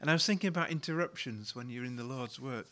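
A man's voice: medium pitch, fast, sharp tone. A male pastor preaching a sermon, retelling a story in a conversational way and often repeating words as he restarts a thought.

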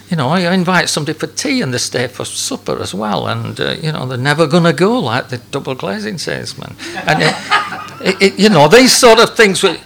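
A man preaches a sermon in a gravelly voice. He stumbles and repeats his words and chuckles between points. A faint hum sits under the recording. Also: a little high, sing-song, fairly quick, fairly bright tone.

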